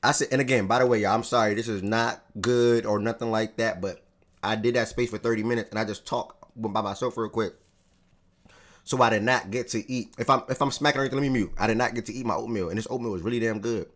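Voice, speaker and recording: A man's voice: on the low side, fairly even intonation, quick pace. A man hosting a casual sports livestream, feeling sick with a strained voice, talking in a laid-back, joking way to his chat. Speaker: livestream host.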